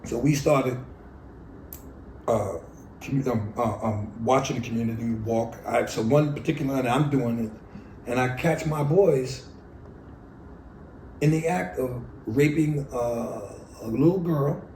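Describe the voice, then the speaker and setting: A man's voice: medium pitch, measured pace, pauses often, warm tone, reverberant, slight background noise, low-quality recording. A man, telling his life story bluntly and profanely in an oral history interview. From New York City.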